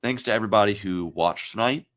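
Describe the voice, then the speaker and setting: A man turning forty, hosting his own livestream and talking in a reflective, halting, emotional way, with many pauses and fillers. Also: on the low side, a bit bright. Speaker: livestream host. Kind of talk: casual livestream talk.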